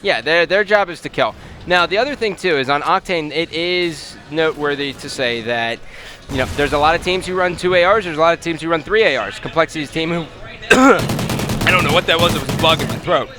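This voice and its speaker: A male esports analyst with a somewhat high voice breaks down map positions and rotations in a shooter match. He gets loud and excited when a big play lands, with game gunfire behind him. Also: fairly quick. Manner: explains tactics, excitable on big plays. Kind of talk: color commentary.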